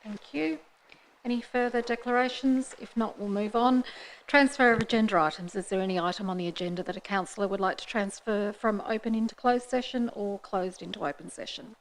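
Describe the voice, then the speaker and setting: A woman, the mayor, chairing a formal council meeting into a desk microphone in a council chamber, with brisk procedural talk and light asides. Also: mid-range voice, rough recording.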